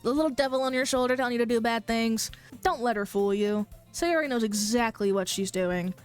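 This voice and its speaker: A woman voicing a shy, soft-spoken teenage girl in a game read-aloud, speaking low and hushed. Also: brisk, clear, resonant tone, faint music behind, natural voice. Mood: gentle.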